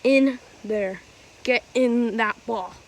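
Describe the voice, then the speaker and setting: Speaking slowly in a slightly high voice, a woman hosts a casual how-to vlog outdoors while the wind blows. The recording is rough, captured on a phone camera. A wiffleball player who runs the channel, she chats, rambles, and keeps correcting herself.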